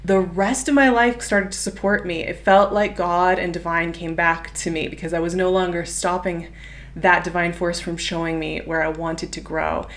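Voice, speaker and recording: Young woman, slightly low voice, gentle encouraging tarot reader, earnest, talks to viewers directly. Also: level tone, normal speed. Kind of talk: intuitive tarot reading monologue.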